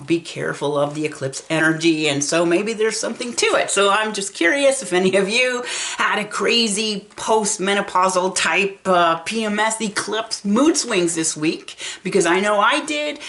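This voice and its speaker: A woman's voice: mid-range voice, fairly bright tone. A woman in her sixties telling a personal story in a chatty vlog, laughing often as she talks. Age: 60s. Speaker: vlogger.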